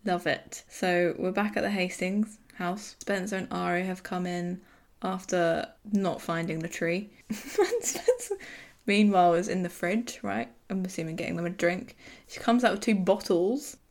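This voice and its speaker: A young woman co-hosting a podcast, chatting excitedly as she recaps a TV episode. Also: on the low side, measured pace. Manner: chatty, excitable, acts out character quotes. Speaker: podcast co-host. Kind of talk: casual TV recap chat.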